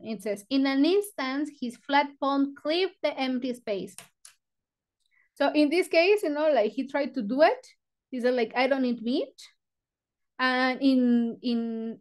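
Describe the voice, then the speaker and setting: A woman who leads a book club, reading passages aloud and explaining words in a chatty, loose way full of fillers. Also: high-pitched. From Mexico.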